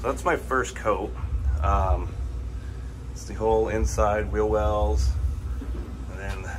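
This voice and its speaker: Man, deep voice, easygoing DIY car vlogger in his garage, chatty and rambling, faint hum behind. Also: fairly even intonation, slow. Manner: rambling, plain-spoken, lots of fillers and restarts. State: coughing, clearing his throat. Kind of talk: casual talk to camera.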